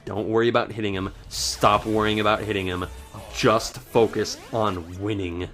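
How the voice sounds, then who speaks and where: A man giving let's play commentary in frantic self-talk, swinging between panic and calming himself down. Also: lowish voice, normal speed. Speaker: let's player. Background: faint game music.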